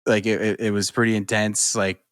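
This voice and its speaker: A man in his thirties co-hosting a podcast, telling a story in halting casual chat. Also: fairly low pitch, flat delivery, fairly bright tone, dry recording, studio quality. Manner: halting, many fillers and restarts. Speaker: podcast co-host.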